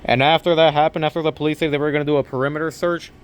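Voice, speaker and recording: A man's voice: fairly high pitch, flat delivery, racing, a little hiss or hum. A young man casually telling a story to camera, rambling, restarting sentences and quoting what others said. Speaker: vlogger and overnight convenience store clerk.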